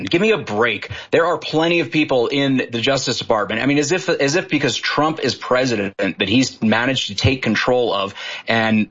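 A man's voice: mid-range voice, a bit bright, slightly rough, muffled recording. A man giving heated, emphatic political commentary with many restarts. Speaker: guest commentator.

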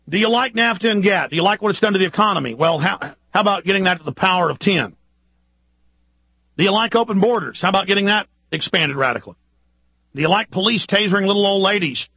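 A man hosting a radio talk show, delivering an urgent, ranting political monologue full of rapid-fire rhetorical questions. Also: high-pitched, sharp tone, slightly rough, dry recording, highs cut off. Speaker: radio host.

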